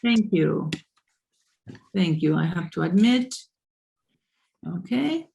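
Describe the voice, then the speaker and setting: Slow-talking woman hosting from home. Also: fairly low pitch, expressive, gravelly, mellow, slight background noise. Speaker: host of a poetry salon. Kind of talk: casual online event hosting.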